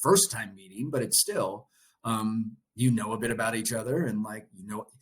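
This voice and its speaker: A man's voice: fairly low pitch, moderate pace, fairly bright tone, poor audio. A man in his late forties hosting a podcast, chatting casually and animatedly, swearing and laughing freely. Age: late 40s. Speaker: podcast host.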